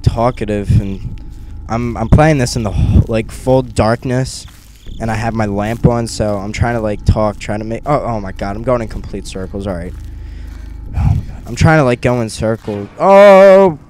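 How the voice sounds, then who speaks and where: A young man giving nervous let's play commentary on a horror game, muttering to himself and bursting into panicked yelps, recorded on a gaming headset in a dark room. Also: lowish voice, steady tone, normal speed, a little hiss or hum. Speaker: gamer.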